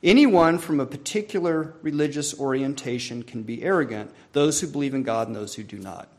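A man preaching a sermon from the pulpit. He speaks earnestly and at a measured pace, lifting his voice to stress a point and letting phrases fall away softly at the end. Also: mid-range voice. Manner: earnest, measured preaching with rising emphasis and soft trailing ends. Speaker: pastor.

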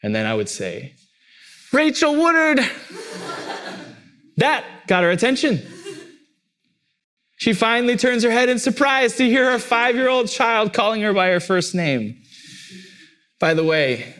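Animated male preacher. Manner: animated preaching, acting out cries with big pitch leaps. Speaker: pastor. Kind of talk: sermon.

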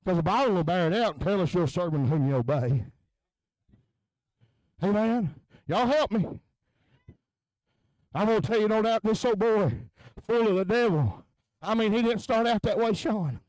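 A man preaching a revival sermon in a tent, moving between low, quiet talk and chanted, shouted peaks. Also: lively intonation, moderate pace, long pauses, no room sound, poor audio.

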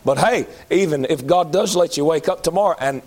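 A man preaching a sermon, moving between loud high-pitched calls and low pleading appeals. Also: fairly quick.

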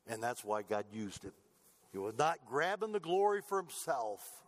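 A man preaching a sermon, building to raised emphasis and then dropping low and quiet. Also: expressive, a little slow. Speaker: pastor.

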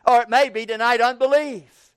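A man preaching an evening sermon in a folksy way, repeating words and building up to shouted questions. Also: very high voice, steady tone, normal speed, clean tone, no room sound, clean studio sound.

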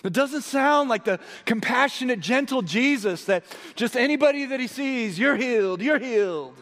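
A man preaching a sermon as pastor, moving between hushed, low storytelling and raised, excited emphasis. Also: moderate pace. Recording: long hall reverb.

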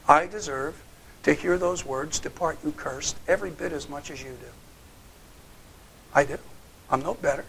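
In this sermon, a male preacher fires sharp rhetorical questions at the congregation, alternating between booming challenges and hushed, low remarks. There is a bit of background noise.

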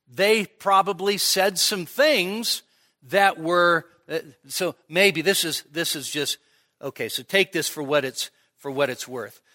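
A male pastor with a bright, clear voice that sits a bit high for a man. He preaches at an unhurried, deliberate pace. He talks to the congregation casually and keeps checking in with "okay?". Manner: conversational, asks the audience "right?" and "okay?" often; acts out imagined dialogue with playful sarcasm. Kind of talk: expository sermon.

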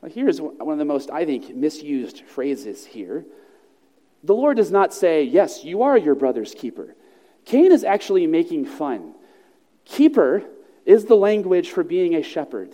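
High-voiced preacher in a reverberant church. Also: male voice, very animated, mellow. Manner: measured, earnest preaching with slow emphatic phrases. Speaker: pastor. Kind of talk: sermon. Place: church sanctuary. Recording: long reverb of a large hall.

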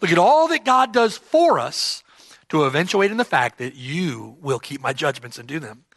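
A man's voice: fairly high pitch, very animated, normal speed, fairly bright tone, dry recording. A man preaching an expository sermon, emphatic and repeating key phrases for stress. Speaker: pastor.

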